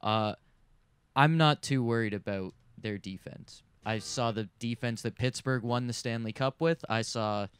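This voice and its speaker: A man giving measured, reasoned analysis on a sports talk show. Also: mid-range voice, clean tone. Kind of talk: hockey analysis.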